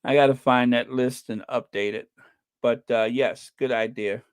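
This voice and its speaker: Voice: mid-range voice, steady tone, normal speed, smooth, dry recording, studio quality. A livestream host reading the chat in a casual, chatty way, laughing often and stretching out repeated no's.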